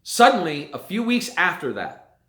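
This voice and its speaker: A man's voice: high voice, wildly swooping pitch, moderate pace, a bit bright. A man delivering a long emphatic rant to viewers about dirt track racing, repeating phrases for stress. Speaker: racing vlogger. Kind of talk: ranting monologue to viewers.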